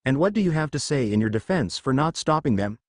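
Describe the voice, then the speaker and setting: A man's voice: medium pitch, expressive, quick pace, no echo, studio quality, lightly acted. A man voicing a haughty, angry young princess in a narrated story, reading her line in a cold, demanding way.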